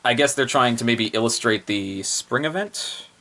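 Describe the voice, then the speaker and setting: A man's voice: medium pitch, normal speed, pushed and bright, a little hiss or hum. A man casually reviewing printed books, chatty and off-the-cuff, chuckling often. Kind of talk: casual book review chat.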